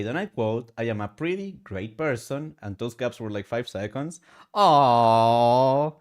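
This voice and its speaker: A male streamer chatting emotionally and excitably while gaming, with sudden high outbursts. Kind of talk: casual live-stream chat while gaming.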